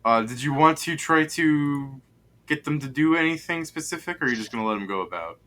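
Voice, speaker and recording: A young man narrating a tabletop game as game master, in a rambling way full of fillers and quick asides. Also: a little high, expressive, bright, forceful tone.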